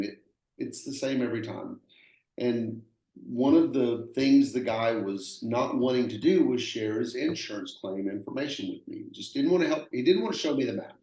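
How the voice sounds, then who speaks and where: A man's voice: mid-range voice, darkish tone. A man with a Texan accent, a roofing contractor telling stories in an earnest, plainspoken way, often repeating himself. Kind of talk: conversational storytelling. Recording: echoey room.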